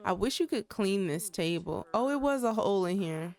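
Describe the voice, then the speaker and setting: Talking straight to her audience, this gaming channel host delivers exclamatory, chatty let's play commentary on a life-simulation game. She speaks at a moderate pace in an expressive, medium-pitched voice that is a little mellow.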